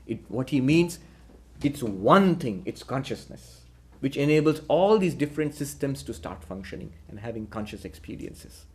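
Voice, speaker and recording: A man, a spiritual teacher, giving a deliberate philosophical lecture and posing rhetorical questions. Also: mid-range voice, big pitch swings.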